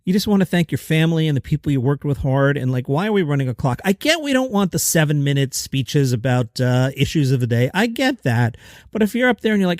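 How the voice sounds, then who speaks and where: Man, comedy news host, sing-song and sarcastic, lively pitch, dry close sound. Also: a little fast, no echo. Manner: animated, sing-song delivery with sarcastic asides. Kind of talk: casual comedic news commentary.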